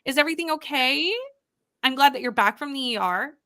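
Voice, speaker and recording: Bright high-voiced woman hosting a chatty stream. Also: lively intonation, fairly quick. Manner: chatty and warm toward viewers, greets them by name. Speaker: host of a reading livestream. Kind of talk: casual livestream chat, reading out viewer comments.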